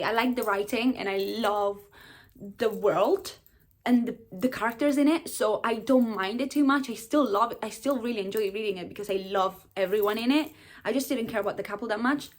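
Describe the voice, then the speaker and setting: A young woman from Italy chats through her reading list in a lively, opinionated way, jumping between gushing and grumbling. Her voice sits at an ordinary middle pitch. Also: fairly quick. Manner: chatty, opinionated, bursts of laughter. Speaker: book vlogger. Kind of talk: casual chat.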